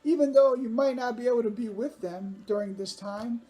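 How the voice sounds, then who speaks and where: A woman gives a children's sermon in a friendly, direct way, as if speaking to kids at home. Her voice sits fairly high with a soft, mellow tone. Faint music plays behind her. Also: moderate pace. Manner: upbeat, talks directly to kids.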